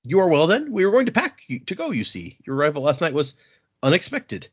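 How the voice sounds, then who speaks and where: A man's voice: fairly high pitch, wildly swooping pitch, quick pace, husky, pitched above the performer's own voice, exaggerated voice. A man doing a polite, wary slaver merchant. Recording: dull lo-fi podcast audio.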